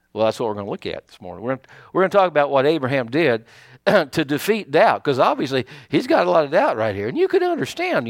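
A man delivers a folksy sermon, stumbling through restarts and fillers as he explains. His voice sits a little high and swings widely in pitch. The sound is dry and close, with no room echo. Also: vocal fry. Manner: folksy, animated preaching with many fillers and restarts. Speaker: pastor.

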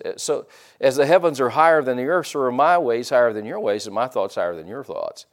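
A man's voice: mid-range voice, expressive, fairly quick. A middle-aged man preaching a sermon in a church, folksy and joking, with frequent amens and hallelujahs. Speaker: pastor.

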